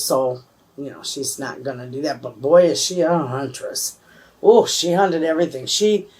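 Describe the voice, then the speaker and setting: A woman's voice: low voice, husky. A woman in her fifties with a Michigan accent, chatting casually and rambling in a folksy, homespun way about her homestead. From USA. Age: 50s. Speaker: homesteading vlogger. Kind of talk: casual chat to camera.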